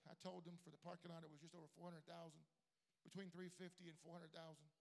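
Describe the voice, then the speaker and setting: A man preaching a sermon as pastor, moving from quiet storytelling to shouted, fervent preaching. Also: a little high, flat delivery, quick pace, gravelly.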